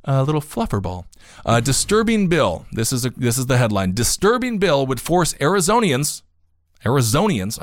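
A man's voice: medium pitch, no room sound, clean studio sound. A man hosting a podcast, giving casual news commentary with sarcastic asides and growing indignation. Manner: animated, sarcastic, gets indignant. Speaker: podcast host.

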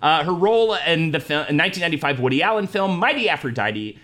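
A man's voice: a little high, fast. A man co-hosting a podcast, chatting casually and laughing through his stories. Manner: animated, laughs while telling stories. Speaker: podcast co-host. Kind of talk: casual chat.

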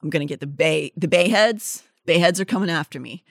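A woman's voice: on the low side, a little fast, dry recording. Woman, podcast co-host, casual chat, indignant, swearing, dry sound. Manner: indignant, swears freely, swings from quiet to loud. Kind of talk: casual true-crime chat.

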